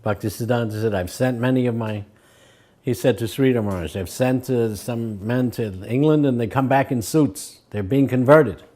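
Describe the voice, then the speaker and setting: An older man sharing remembered anecdotes, his voice mellow and dark. He slips into quoted voices and lets a chuckle through as he goes. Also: medium pitch, normal speed. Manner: acts out quoted voices, chuckles between stories. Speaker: devotee recalling memories. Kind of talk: anecdotal storytelling.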